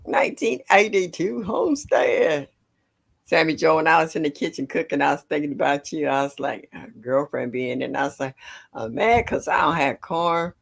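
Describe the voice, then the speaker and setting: An older woman hosting a casual gardening livestream, greeting viewers by name and chatting warmly. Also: sits low, vocal fry. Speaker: livestream host.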